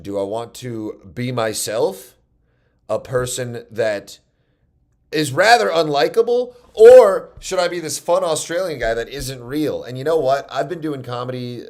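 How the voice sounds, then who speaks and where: A man with a New York accent, a stand-up comedian telling stories in a casual, rambling monologue, mocking himself and often restarting his sentences. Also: mid-range voice.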